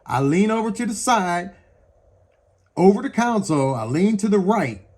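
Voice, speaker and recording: A man's voice: sits high, very animated, normal speed, darkish tone. A man heatedly recounting a police encounter while standing outdoors in front of his house, swearing often and pointing things out as he talks. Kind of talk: agitated first-person account.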